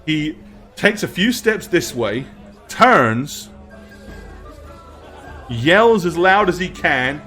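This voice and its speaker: A man's voice: fairly high pitch, big pitch swings, drawn-out words, long pauses, sharp tone, soft background music. A man narrating a tabletop game as game master, with many fillers.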